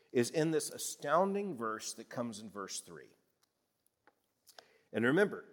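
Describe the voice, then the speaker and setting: A pastor in his sixties from the American South preaches a sermon in a folksy, conversational way, chuckling and restarting as he goes. His voice is medium-pitched and a bit bright, with a long reverb tail.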